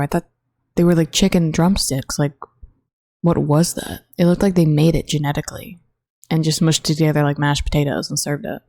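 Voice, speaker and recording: A young woman hosting a casual solo podcast into her own microphone, rambling, swearing and sounding flatly bored. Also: low voice, no room sound, clean studio sound. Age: young adult. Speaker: college student podcast host. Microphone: own desk microphone.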